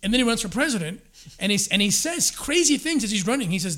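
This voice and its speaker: A man explaining history in a lively conversational way, acting out quotes with frequent restarts. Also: sits high, quick pace. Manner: energetic storyteller, acts out quotes with restarts. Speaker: guest discussing scripture and history.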